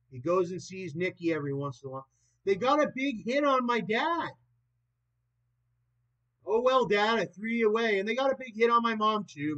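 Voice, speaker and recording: A man in his late twenties vlogging in a rambling, profane monologue that swings between loud and soft. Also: sits high. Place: old property in the countryside. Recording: dull lo-fi recording.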